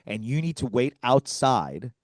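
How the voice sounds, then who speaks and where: A man co-hosts a comedy podcast, telling a story full of swearing and acted-out quotes in an animated, profane way. His voice sits at a medium pitch and moves a little slowly, recorded at studio quality with no room sound.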